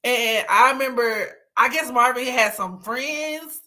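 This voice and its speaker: A woman's voice: on the high side, measured pace, bright, forceful tone. A young woman hosting a livestream, telling candid stories in casual chat, laughing often and slipping into dramatic, teary mock outbursts. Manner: candid storytelling with frequent laughter. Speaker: livestream host.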